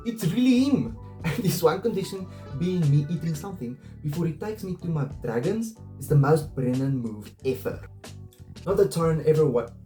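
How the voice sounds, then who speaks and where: A man reads a novel in a playful mock Afrikaans-English accent, often slipping into giggles. His voice is warm and mellow, with soft guitar music playing faintly behind him. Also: a little high. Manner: giggly, playful, breaks off to laugh. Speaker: comedy book reader. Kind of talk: comic reading in a put-on accent.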